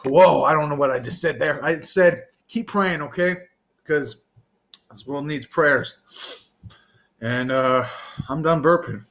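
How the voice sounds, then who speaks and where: Male vlogger, unhurried, wandering off-the-cuff monologue. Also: a little high, a bit bright. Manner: drawn-out, meandering, trails off and restarts. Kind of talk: rambling casual monologue.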